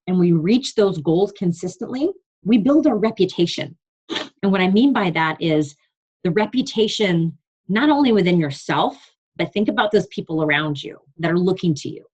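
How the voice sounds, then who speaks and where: A woman's voice: on the low side, a little mellow, husky, lo-fi sound. A young adult woman coach giving an earnest, emphatic motivational talk on a team call, reading from her notes. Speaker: fitness business coach leading a team call.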